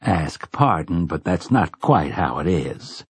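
A man's voice: low-pitched, very animated, slow, slightly rough, no echo, voice pushed down, exaggerated voice. A man voicing a humble, polite young farmer who speaks with deference. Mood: deferential. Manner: deferential, courteous.

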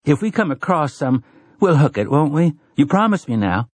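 A man's voice: a little high, sing-song, moderate pace, a little mellow, husky, no room sound, pitched above the performer's own voice. A man voicing a brassy, teasing grown woman traveler in a storybook reading, with a sassy drawl.

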